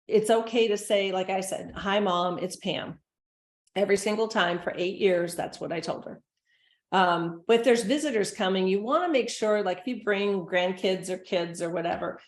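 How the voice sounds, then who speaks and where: The voice belongs to a middle-aged woman, a dementia care presenter and consultant, addressing caregivers in a recorded talk. She's earnest and conversational, with a mid-range voice, and she voices gentle quoted lines; the room echoes.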